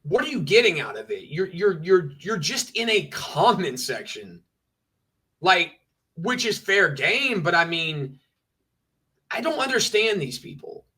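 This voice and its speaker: A man's voice: high-pitched, very animated, measured pace, pushed and bright, husky. A man ranting on a livestream, emphatic and repetitive, talking over and over the same point. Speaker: streamer.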